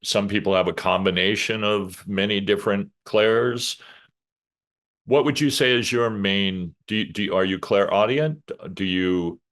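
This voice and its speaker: Brief: low-voiced man hosting, calm and thoughtful questions. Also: a little slow. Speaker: podcast co-host. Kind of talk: casual interview chat.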